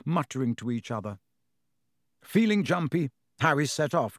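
A man reading a storybook aloud as narrator, measured and steady. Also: medium pitch, dry recording, clean studio sound. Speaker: audiobook narrator. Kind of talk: scripted narration.

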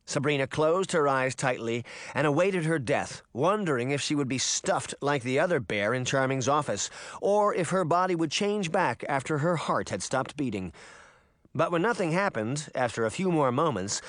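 Expressive male audiobook narrator. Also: mid-range voice, dry recording. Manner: expressive storytelling. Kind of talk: scripted narration.

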